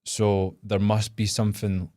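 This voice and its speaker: Man, low voice, dry close sound, casual podcast chat, laughs a lot. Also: level tone, a little slow, dark tone, no room sound. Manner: laughs often, lays out fan theories at length. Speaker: podcast co-host.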